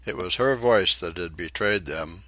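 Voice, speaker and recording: Man, low voice, audiobook narration, dry close recording. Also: measured pace, bright, forceful tone, no room sound. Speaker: audiobook reader.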